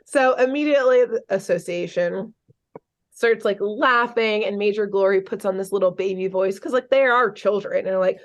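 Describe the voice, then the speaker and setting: A woman's voice: medium pitch, moderate pace. Chatty woman recapping with lots of "like". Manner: animated storytelling, lots of "like", acts out characters' lines. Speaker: podcast co-host recapping a cartoon episode. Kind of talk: casual chat.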